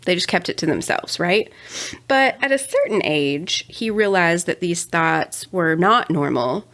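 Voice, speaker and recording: A woman's voice: lowish voice, expressive, unhurried, fairly bright tone. A young adult woman co-hosting a casual true-crime podcast, chatty with sarcastic asides. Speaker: podcast co-host.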